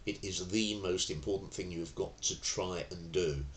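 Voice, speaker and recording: Low-voiced man teaching self-defence. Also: fairly even intonation, normal speed, slight background noise. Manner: conversational, anecdotal, acts out quoted phrases. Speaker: tai chi and self-defence instructor. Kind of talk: spoken lesson. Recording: roomy echo.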